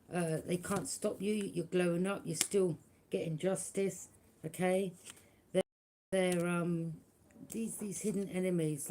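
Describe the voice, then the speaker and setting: A woman's voice: on the low side, darkish tone, slight background noise. A woman giving a live tarot reading. She taunts unseen enemies, laughs at them mockingly and keeps checking in with "yeah?". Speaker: tarot reader.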